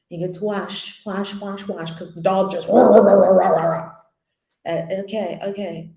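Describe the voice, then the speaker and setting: A woman's voice: medium pitch, mellow, echoey room. A woman giving a spiritual lesson, earnest and emphatic, often repeating phrases, with conversational, playful asides. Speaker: spiritual teacher.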